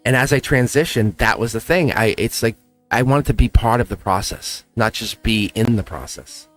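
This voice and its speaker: A man's voice: mid-range voice, normal speed, soft background music. A man hosting a tarot reading livestream, talking in a chatty, encouraging way and laughing often. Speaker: tarot reader and livestream host. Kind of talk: casual livestream chat.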